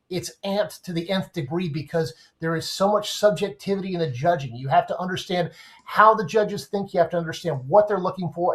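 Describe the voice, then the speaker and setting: A man, a guest sports writer, talking in a casual podcast discussion and explaining things in an animated way with everyday comparisons. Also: high-pitched.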